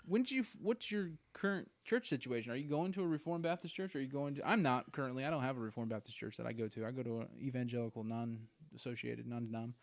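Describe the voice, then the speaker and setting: Earnest man hosting a faith podcast. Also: mid-range voice. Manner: earnest, measured questions in church vocabulary. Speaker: podcast host. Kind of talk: interview conversation.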